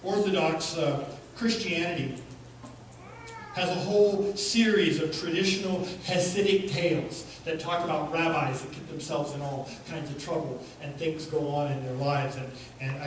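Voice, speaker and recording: A pastor tells a story from the pulpit in an unhurried, halting way. His voice is slightly high and sits far from the mic. A very echoey church swallows it, with a faint hum behind. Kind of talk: sermon storytelling.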